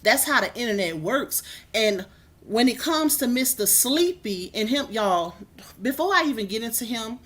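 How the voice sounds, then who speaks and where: Sassy livestreaming woman, slightly high voice. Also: normal speed. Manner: sassy, animated, calls viewers "baby" and "y'all". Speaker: livestream host. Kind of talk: casual livestream chat. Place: home kitchen.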